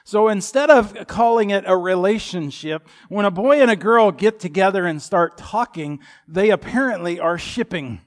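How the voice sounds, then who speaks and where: A man's voice: high voice, lively intonation, normal speed, few pauses. A man in his fifties preaching a sermon in a folksy, humorous storytelling manner. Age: 50s. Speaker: pastor.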